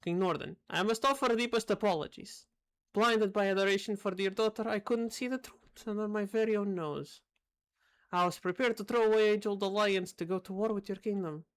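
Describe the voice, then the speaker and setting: A woman voicing an older male king in a game, gruff and fatherly, with a made-up accent. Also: medium pitch, fairly quick, lightly acted. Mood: solemn.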